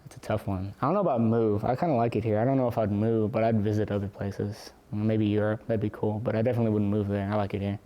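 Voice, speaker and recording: A teenage boy answering interview questions for his school yearbook, relaxed and hesitant, with many fillers and restarts. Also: lowish voice, quick pace, hardly any pauses. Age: teens. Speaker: student interviewee.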